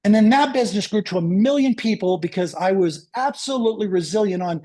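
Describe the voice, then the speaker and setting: A man giving a motivational talk to a sales team, telling an energetic story and acting out the dialogue. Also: high-pitched, a little fast. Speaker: motivational speaker.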